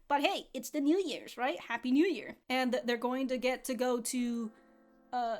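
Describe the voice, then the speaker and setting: A woman giving casual, excitable commentary on an anime episode, swearing and laughing freely. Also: a little high, unhurried, soft background music.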